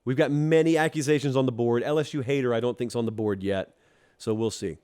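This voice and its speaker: A man's voice: medium pitch, fairly quick, clear, resonant tone. Man hosting a football talk monologue. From Georgia. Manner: animated, teasing, talks straight to the fans. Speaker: college football show host. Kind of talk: casual opinion monologue.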